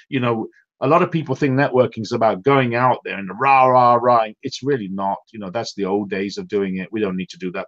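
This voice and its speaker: A man's voice: on the low side, highs cut off. A man from the United Kingdom hosting a motivational online team call, effusive and full of praise, emotional and drained. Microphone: online call audio.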